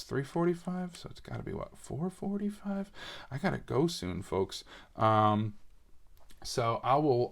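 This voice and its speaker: A young man from New England hosting a casual solo episode, chatting and rambling with lots of fillers while he builds a Lego set. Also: mid-range voice. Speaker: podcast host.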